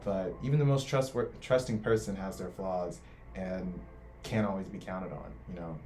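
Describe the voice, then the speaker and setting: A man's voice: low voice, steady tone, moderate pace, darkish tone, faint music behind. A young man who just finished college, speaking earnestly and reflectively in a casual faith discussion. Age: young adult. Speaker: co-host.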